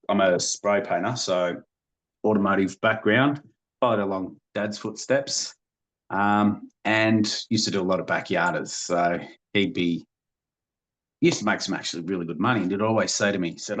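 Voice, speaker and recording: A man, a podcast guest telling family stories in a rambling way, with many restarts and small laughs. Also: sits low. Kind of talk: casual storytelling.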